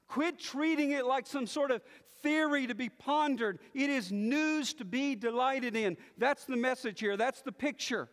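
A man preaching a sermon, moving from quiet musing to loud declaring. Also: very high-pitched, unhurried, hardly any pauses, long reverb tail. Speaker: pastor.

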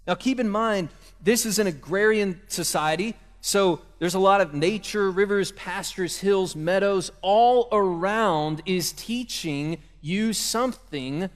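A man's voice: high voice, lively intonation, slow pace. A young man preaching a sermon in a casual, conversational way, telling stories from home and speaking directly to parents. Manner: conversational, storytelling with asides to parents. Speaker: pastor. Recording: long reverb of a hall.

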